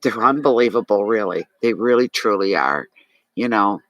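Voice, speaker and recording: A man's voice: lowish voice, moderate pace, a bit bright, no room sound, low-quality recording. A man with a Maritime Canadian accent giving a live tarot reading, talking chattily and animatedly to his viewers and answering chat comments. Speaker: tarot reader.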